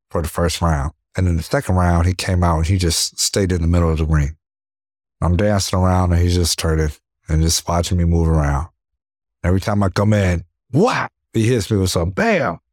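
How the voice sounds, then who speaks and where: A young man with a very low, deep voice tells his boxing stories in casual interview talk. He acts out blows with sound words and keeps checking in with "you know what I mean." The sound is dry and close. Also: no echo. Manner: animated storyteller, acts out punches with sound words. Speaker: professional boxer, interview guest.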